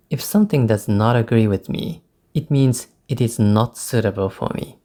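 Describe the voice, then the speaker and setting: A Japanese man, speaking English as a second language, teaching exam speaking skills with slow, careful repetition. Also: medium pitch, dark tone. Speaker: English test tutor. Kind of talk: spoken-English lesson with sample answers.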